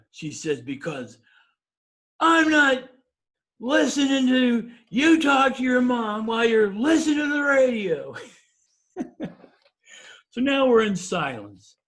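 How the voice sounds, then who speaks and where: Animated man telling a story with laughs. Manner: chuckles while telling stories; acts out dialogue with big pitch jumps. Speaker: speaker. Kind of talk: storytelling talk.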